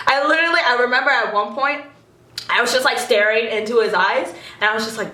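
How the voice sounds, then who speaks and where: A young woman chatting excitedly to her viewers in a storytime vlog, animated and giggly with lots of fillers. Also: fairly high pitch, normal speed, echoey room. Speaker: vlogger.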